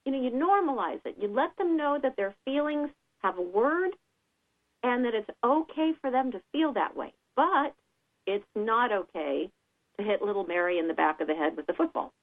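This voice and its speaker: A woman giving calm, patient advice on children's feelings in a radio interview, sometimes acting out a child's words. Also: moderate pace. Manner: calm, explanatory, acts out children's lines in a higher voice. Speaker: guest expert on child behavior. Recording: tinny phone line.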